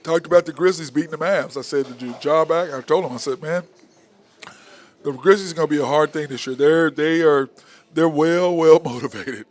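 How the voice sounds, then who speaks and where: Sports talk guy ranting hard, blunt and fired up, voice sits a bit high. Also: moderate pace. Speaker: sports talk show host. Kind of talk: opinionated sports talk monologue.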